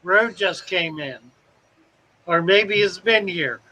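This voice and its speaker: Slow-talking man hosting a live stream. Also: sits high, bright, forceful tone, rough recording. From South Carolina, US. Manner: chatty, reads out viewer comments. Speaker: host of a live fish-keeping stream. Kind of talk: casual live-stream chat reading comments.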